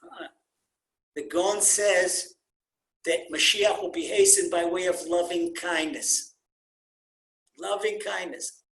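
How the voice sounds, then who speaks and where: A rabbi teaching an informal Torah class on a video call, telling stories with animated, repeated emphasis and Hebrew terms mixed into his English. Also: high-pitched, takes it slowly, creaky, pauses often, slight background noise. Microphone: computer mic on a video call. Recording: roomy echo on a video call.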